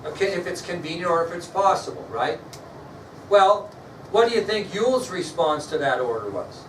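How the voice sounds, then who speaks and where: A male history teacher lecturing a class, quizzing students and spelling words out slowly. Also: high-pitched, lively intonation, background noise. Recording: echoey classroom, mic far off, faint ambience.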